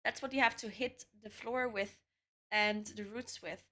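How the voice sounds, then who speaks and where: A woman's voice: medium pitch, fairly even intonation, a little slow, bright, forceful tone. A woman streamer chatting casually and thinking aloud while setting up her game, laughing often. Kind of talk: casual live-stream chat while gaming.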